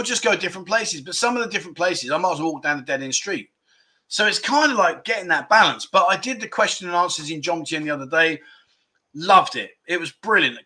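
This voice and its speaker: A man from England with a slightly high, sharp-toned voice runs a laid-back livestream from his home. He rambles, pokes fun at himself, and reads viewer comments aloud as he chats.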